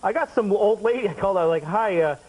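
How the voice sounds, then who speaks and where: A male comedian with a high voice that swings widely up and down as he tells stories. He slips into shouted, exaggerated character voices and laughs through his own punchlines. The recording carries clear background noise. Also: expressive, rapid-fire, dull audio. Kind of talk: stand-up and talk-show storytelling.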